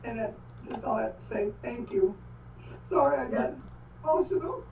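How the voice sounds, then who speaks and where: Older woman, mellow and halting, devout; distant, roomy, muffled call sound. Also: a little high, expressive, vocal fry. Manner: halting, faith-filled, breaks off mid-phrase. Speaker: grieving great-grandmother speaking at a livestream. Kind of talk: emotional testimony on a video call. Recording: echoey, distant, dull call audio with faint noise.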